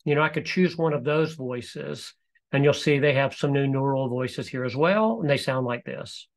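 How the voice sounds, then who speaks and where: A man presenting a live webinar, walking through software in a relaxed, explanatory way with frequent fillers. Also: mid-range voice, moderate pace. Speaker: presenter demonstrating e-learning software.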